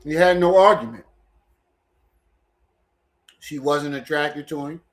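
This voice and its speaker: A man's voice: a little high, slow pace. A man hosting a livestream who gives casual commentary and repeats himself in loose, chatty sentences. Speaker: livestream host.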